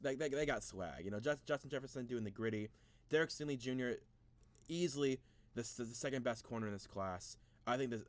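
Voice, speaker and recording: A man hosting a casual sports video, thinking aloud through a mock draft, rambling and easily frustrated, with many restarts. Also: mid-range voice.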